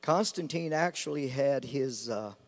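A man preaching a sermon with passion, repeating phrases and swinging between loud outbursts and quiet asides. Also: medium pitch, measured pace. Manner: impassioned, rising and falling sharply, repeating phrases. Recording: long hall reverb with mains hum.

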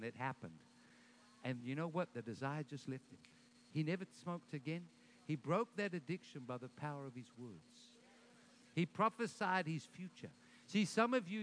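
A man preaching a sermon at a church service, telling a story and then leading the congregation in loud, rising declarations, often repeating his first words. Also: on the high side, animated, moderate pace, a little hiss or hum. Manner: repeats words when starting sentences, builds to loud declarations. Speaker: pastor.

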